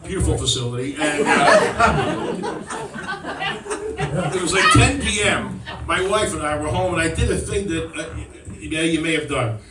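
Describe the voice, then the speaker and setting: A man's voice: fairly high pitch, sing-song, a little slow. Rambling middle-aged man at a comedy club. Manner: rambling storytelling, acts out kids' voices. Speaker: stand-up comedian. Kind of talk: stand-up routine. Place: comedy club stage with audience. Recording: roomy, distant mic, loud crowd laughter.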